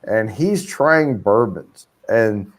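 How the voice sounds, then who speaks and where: Guy hosting a live stream, talks real slow, lots of ums and you-knows. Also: lowish voice. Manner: slow, relaxed talk with many fillers. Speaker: livestream host. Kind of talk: casual live-stream chat.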